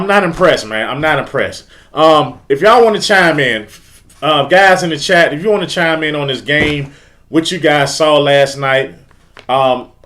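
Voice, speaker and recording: A man's voice: fairly high pitch, fairly bright tone. A man hosting a casual live-stream sports talk, repeating himself in frustrated, emphatic bursts. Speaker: host of a fan live stream.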